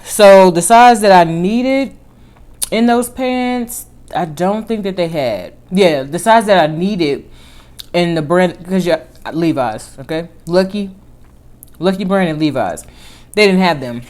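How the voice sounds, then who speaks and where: A woman vlogger telling a personal story in casual chat, animated, with lively swings in pitch and volume. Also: takes it slowly.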